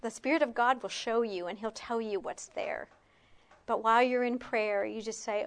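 A woman giving a conversational Bible teaching at a retreat, with self-mocking asides, slowing and softening on key points. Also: on the high side, steady tone. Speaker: retreat speaker.

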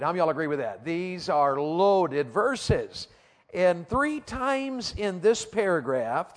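Guy preaching in a big echoey church, kinda high voice, keeps asking the crowd stuff. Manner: call-and-response, asking the crowd questions; reads scripture slowly and deliberately. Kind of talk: sermon to a congregation. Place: church auditorium. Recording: reverberant hall.

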